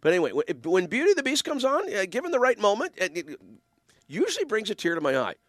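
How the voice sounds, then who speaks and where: A man's voice: high voice, huge pitch swings, fast, dry recording, clean studio sound. A man in ministry talking in a casual, earnest and rambling way, with emphatic stresses. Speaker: minister giving a talk. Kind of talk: casual spoken reflection. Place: lives in the Ottawa region.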